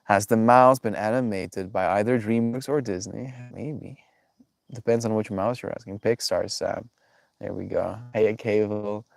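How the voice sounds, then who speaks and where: A man with a stuffy, congested voice talks gently to his chat, greeting viewers by name and musing out loud. His voice sits low, and the sound is dry and close, with no room echo. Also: fairly even intonation, a little slow, gravelly. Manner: reflective, affectionate, reads chat names aloud. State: stuffy nose. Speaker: streamer. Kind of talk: casual live-stream chat with viewers.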